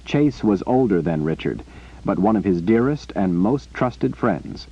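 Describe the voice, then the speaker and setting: A man reading an audiobook in a lively storytelling way. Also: deep voice, normal speed, breathy edge. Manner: animated storytelling. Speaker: audiobook reader. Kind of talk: scripted narration. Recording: muffled lo-fi recording.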